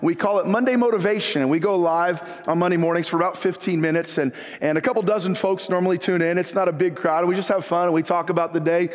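High-voiced pastor preaching in a reverberant church. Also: male voice, steady tone, fast talker, few pauses. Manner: conversational, folksy storytelling with rhetorical questions. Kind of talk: sermon. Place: church sanctuary. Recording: long reverb of a large room.

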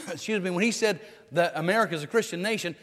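A man's voice: high-pitched, fast talker, fairly bright tone, big-room sound. A man preaching a sermon emphatically, repeating phrases and restarting as he drives each point home. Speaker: pastor.

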